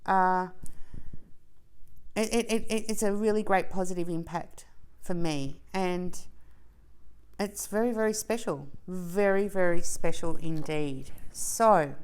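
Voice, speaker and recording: Slow-talking chatty woman vlogger, clear voice. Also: fairly low pitch. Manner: chatty, effusive, breaks into excited squeals. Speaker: diamond painting vlogger. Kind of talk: casual chat to camera while crafting.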